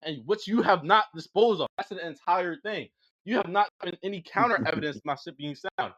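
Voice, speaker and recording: A young man's fast, bright, cutting voice tears into an opponent in a heated voice-chat debate, insulting him without pause. The sound is dry and close, with dull, lo-fi voice-chat quality. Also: high voice, no echo. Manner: aggressive, insulting, rapid-fire ranting. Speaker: online debater.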